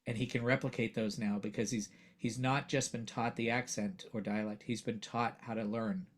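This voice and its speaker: Brief: male voice actor, mid-pitched, earnest and animated in conversation. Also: moderate pace. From United States. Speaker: voiceover actor and dialect coach. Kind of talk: casual interview talk.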